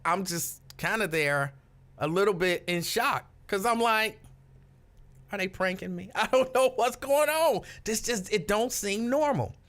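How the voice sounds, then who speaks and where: A man's voice: sits high, a little slow. Chatty man telling a story live. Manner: chatty and animated, talks straight to viewers. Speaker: livestream host. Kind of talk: casual storytelling to a live chat.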